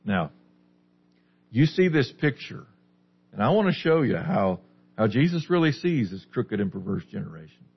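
A man's voice: on the low side, sing-song, normal speed, creaky, pauses often, slightly rough. A man preaching a sermon, putting questions to the listeners and then answering them. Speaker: pastor. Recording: dull lo-fi recording.

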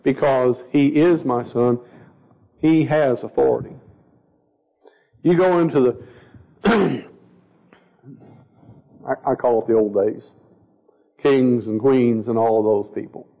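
Gravelly man teaching a Bible study. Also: mid-range voice, slow pace, long pauses, big-room sound. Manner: asks the group questions, stumbles and restarts. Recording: dull lo-fi recording.

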